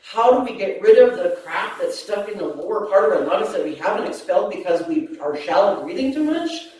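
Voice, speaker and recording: In a very echoey community hall, a woman with a mid-range voice leads a group through a laughter yoga talk, her voice reaching the mic from a distance. She is lively, playful and quick to laugh, dropping playful asides.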